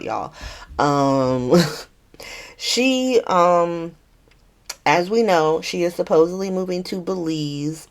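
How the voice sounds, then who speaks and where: A woman hosting a podcast who recaps a soap opera in a casual, animated and sarcastic way, laughing often. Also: deep voice. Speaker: podcast host.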